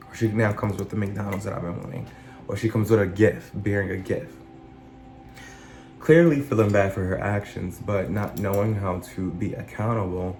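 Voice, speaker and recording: Man, life coach type, low voice, reflective casual commentary, roomy echo with faint music underneath. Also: little pitch movement, brisk, a little mellow. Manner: reflective, explains with examples, paraphrases lines in an imagined speaking voice. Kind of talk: casual spoken commentary on song lyrics.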